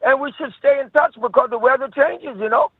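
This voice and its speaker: A man's voice: extremely high pitch, brisk, husky, dry recording. A man selling a property over the phone, friendly and folksy, talking over the caller. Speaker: property seller on a call. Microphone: phone call. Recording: tinny muffled phone line.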